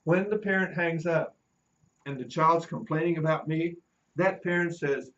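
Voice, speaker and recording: A man's voice: fairly high pitch, normal speed, fairly bright tone, lo-fi sound. Middle-aged male teacher telling classroom stories. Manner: storytelling, acts out quoted voices. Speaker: teacher educator. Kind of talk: classroom lecture with anecdotes.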